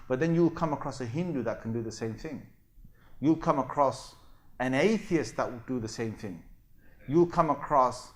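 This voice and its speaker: Slangy London preacher, animated storyteller. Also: male voice, mid-range voice. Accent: London English. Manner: animated storytelling, acting out dialogue, slangy and conversational. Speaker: Islamic lecturer. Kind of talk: sermon.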